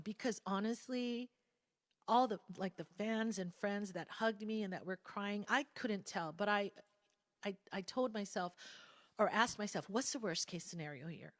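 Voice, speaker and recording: A woman's voice: mid-range voice, no room sound, clean studio sound. Earnest woman telling a personal story. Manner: earnest storytelling, drops to soft whispers for quotes. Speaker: guest speaker at a spiritual service. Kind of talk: personal testimony talk. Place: church sanctuary.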